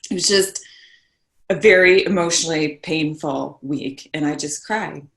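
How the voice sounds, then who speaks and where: A woman's voice: sits low, measured pace, vocal fry. A woman guest on a podcast, telling a painful personal story earnestly and checking in with "right?". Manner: earnest, tags points with "right?". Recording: roomy echo.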